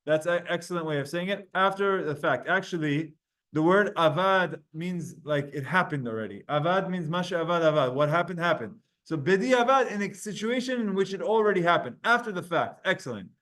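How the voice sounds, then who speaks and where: Man, Talmud teacher, rather high voice, upbeat and brisk, video-call class. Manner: energetic, quick, asks the class questions.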